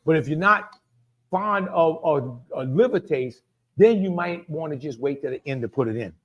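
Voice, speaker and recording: A man with a Cajun accent walks viewers through a dish live, talking loosely and circling back on his own phrases. His voice sits a bit higher than most men's. He calls out to people in the chat by name as he cooks. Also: expressive, moderate pace, lo-fi sound, slight background noise. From Louisiana. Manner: chatty, repeats himself, talks to viewers by name. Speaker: cooking show host. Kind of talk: live cooking demonstration.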